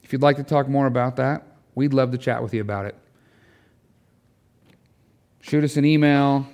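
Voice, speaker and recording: A man preaching a sermon in a church, earnest and pleading, his voice climbing and falling as he presses his point. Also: darkish tone. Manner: earnest, rising to pleading intensity with wide pitch swings. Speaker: pastor. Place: church sanctuary.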